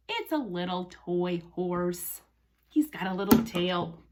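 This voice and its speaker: A woman's voice: fairly low pitch, animated, takes it slowly, a little mellow. A woman speech language pathologist reading a picture book aloud to young children in a sing-song, exaggerated way, with animal sounds and drops to a whisper.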